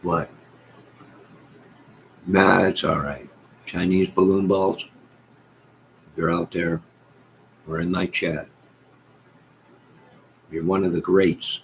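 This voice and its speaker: A man's voice: low-pitched, steady tone, creaky, a little hiss or hum, low-quality recording. A man hosting a casual livestream, reading his chat and telling rambling, joking stories. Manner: rambling, joking storyteller with drawn-out asides. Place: at home in bed.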